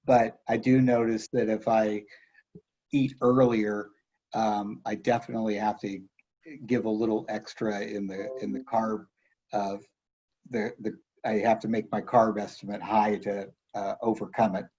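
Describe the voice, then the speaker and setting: Lower-voiced man on a dull call line. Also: level tone, warm tone, breathy edge. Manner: hesitant, halting. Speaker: participant.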